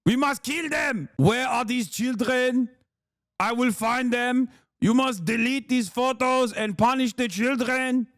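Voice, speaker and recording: A man putting on a shouting, paranoid male diplomat in a mock-indignant caricature. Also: extremely high pitch, slow, no echo, studio quality, pitched above the performer's own voice, full character voice. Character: shrill ranting male diplomat, outraged and paranoid.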